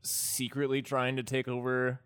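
A man with a clear, smooth mid-range voice, talking animatedly as a co-host. He laughs often and swears casually. The recording is dry and close. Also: medium pitch, monotone, a little slow, fairly bright tone, no room sound. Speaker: podcast co-host. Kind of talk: casual chat about anime.

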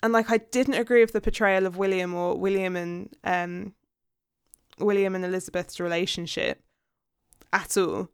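Frank chatty woman talking books on a podcast, smooth clear voice, dry close sound. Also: medium pitch, fairly even intonation, normal speed, no echo. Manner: chatty, frank, swears freely. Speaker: podcast co-host. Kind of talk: casual book chat.

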